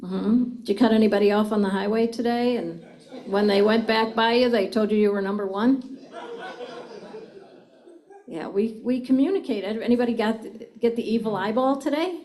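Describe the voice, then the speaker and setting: A woman's voice: fairly high pitch, normal speed, a little mellow. A middle-aged woman giving a live seminar talk on communication, engaging the audience with frequent questions. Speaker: communication speaker.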